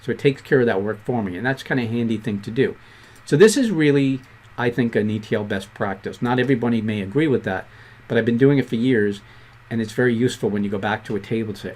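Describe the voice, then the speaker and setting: Quick-talking man with a Boston accent. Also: mid-range voice, darkish tone. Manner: quick-talking, conversational, self-deprecating asides. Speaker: programming instructor. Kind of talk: screen-recorded coding tutorial.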